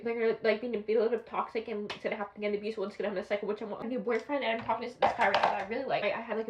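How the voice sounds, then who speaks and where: Doing her makeup at home, a young woman vlogs to her phone camera in an emotional get-ready-with-me confessional, rambling and scattered as she opens up. She speaks on the high side, and there's a little hiss or hum in the recording.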